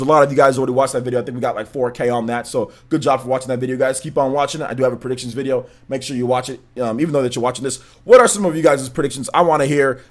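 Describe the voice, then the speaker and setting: Energetic, emphatic young man streaming live. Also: a little high. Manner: energetic, emphatic, repeats himself.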